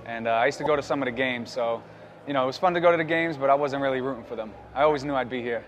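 Fast-talking New York guy. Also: medium pitch, lo-fi sound. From New York City. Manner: relaxed, rambling with fillers. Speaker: football player. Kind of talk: casual interview answers.

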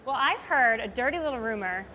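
A woman with a bright, slightly high voice asks teasing questions. Her tone stays playful and light. Faint ambience sits behind her. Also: animated, fairly quick, slight background noise. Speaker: interviewer.

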